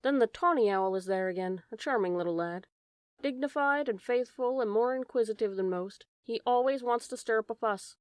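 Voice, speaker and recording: A woman narrating a storybook in a calm, measured way. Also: a little high, clean tone, no room sound. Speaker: audiobook narrator. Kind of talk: storybook reading.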